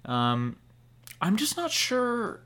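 A man's voice: high-pitched, huge pitch swings, very slow, bright, forceful tone. A young man in casual conversation on a podcast he co-hosts. He rambles candidly, circling back to his points and dropping the occasional swear word. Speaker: podcast co-host. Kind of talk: casual chat about anime.

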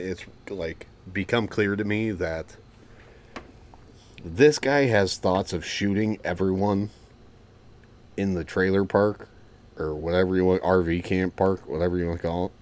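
A young adult man, a former Marine and firefighter, casually telling a profane, animated story as a podcast host. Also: low-pitched, a little hiss or hum.

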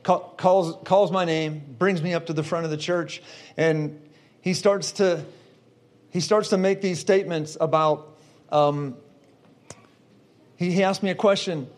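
A middle-aged man preacher telling a personal testimony, animated, building to shouts. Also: fairly high pitch, measured pace, pauses often. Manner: animated storyteller, shouting at the climax.

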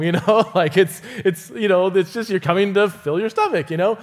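A man preaching as a guest speaker in a church, speaking through a stage mic. His voice sits high for a man, and he tells stories with lively energy. He acts out the quoted voices and chuckles often. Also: normal speed, few pauses. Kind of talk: sermon. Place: church auditorium.

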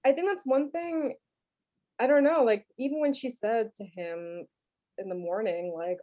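Animated, laughing woman with a New York accent. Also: a little high, unhurried. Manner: animated, laughing, swears freely. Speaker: podcast co-host. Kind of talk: casual film chat.

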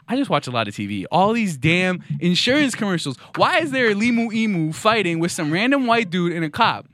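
A man's voice: sits high, big pitch swings, a little fast, hardly any pauses, a bit bright, no room sound, clean studio sound. A man hosting a podcast, delivering a mock-outraged, sarcastic comedic monologue. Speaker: podcast host.

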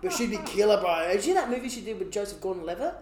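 A man's voice: high voice, sing-song, racing, a crowd in the background. A man co-hosting a podcast, joking crudely in casual banter and laughing often. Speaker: podcast co-host. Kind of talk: casual chat. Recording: roomy echoey room.

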